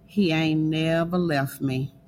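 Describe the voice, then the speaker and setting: Lowish-voiced woman telling a testimony. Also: slow. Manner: animated storyteller acting out quoted voices. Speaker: business owner, guest. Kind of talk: storytelling testimony in an interview.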